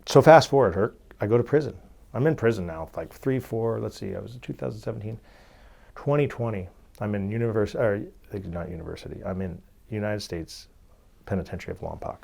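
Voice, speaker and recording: A man's voice: lowish voice, fairly quick, creaky. A young man with a Californian accent telling his story as an interview guest, acting out the voices of people in it and filling his speech with "like" and "right?". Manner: animated storyteller, acts out quoted voices, frequent "like" and "right?".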